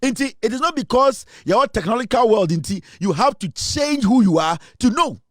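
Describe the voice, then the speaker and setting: Emphatic Ghanaian man, high voice. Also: lively intonation, normal speed, dry recording, clean studio sound. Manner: preachy, emphatic, repeats lines for effect. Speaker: show host. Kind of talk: impassioned commentary mixing English and Twi.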